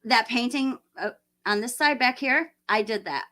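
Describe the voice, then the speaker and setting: A woman's voice: fairly high pitch, normal speed, pushed and bright. A woman in her late forties chatting casually on a livestream, rambling and laughing often as she answers viewer comments. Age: 40s. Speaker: livestream host.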